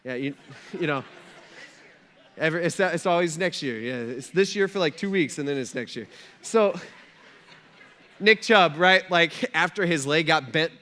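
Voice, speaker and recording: Young pastor guy, high bright voice, preaching loose and jokey. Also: lively intonation, moderate pace, long pauses. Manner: casual, humorous storytelling. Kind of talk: sermon.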